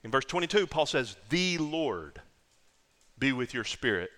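A man's voice: mid-range voice, big pitch swings, measured pace, sharp tone, long reverb tail. A man preaching a sermon as pastor, emphatic, repeating phrases for stress.

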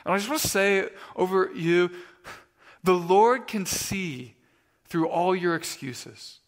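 A man preaching in a loose, conversational way, with a voice that sits somewhat higher than usual. He often trips over his words and repeats himself, and he tells his stories with plenty of energy. His voice rings out through the long reverb of a church hall. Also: takes it slowly. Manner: conversational, stammering restarts, animated storytelling. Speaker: pastor. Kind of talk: sermon. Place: church sanctuary.

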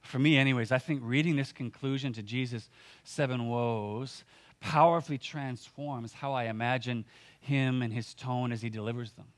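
A male pastor preaches earnestly in a conversational manner, using casual fillers and quick restarts as he works through his points. His pitch is ordinary and mid-range, with fairly even intonation.

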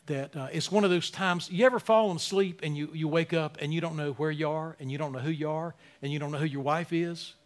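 A man preaching a sermon as pastor, swinging between loud emphasis and quiet, close talk, often repeating words as he restarts. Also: a little high.

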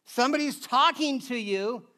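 A man's voice: very high-pitched, normal speed, bright, forceful tone. A man preaching a casual, conversational sermon, chatty and always asking his listeners "right?". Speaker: pastor.

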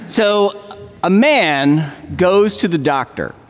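A man's voice: sits high, expressive, slow pace, faint music behind. A male pastor and father giving a chatty, joking sermon with a storytelling manner. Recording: long church reverb.

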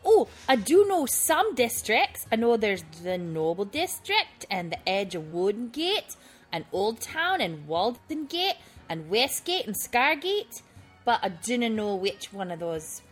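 A woman's voice: fairly high pitch, big pitch swings, measured pace, soft background music. A woman playing a tabletop game in character, eager and rambling. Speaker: player.

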